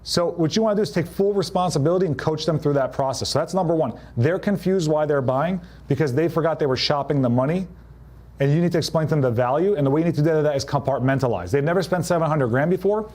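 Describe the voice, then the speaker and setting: A man with a fairly high-pitched voice coaches real estate agents in a live talk. His delivery is punchy and direct, and he slips into quick little impressions of clients to drive each point home. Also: darkish tone. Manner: punchy, acts out quoted clients in changed voices. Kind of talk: live motivational business talk.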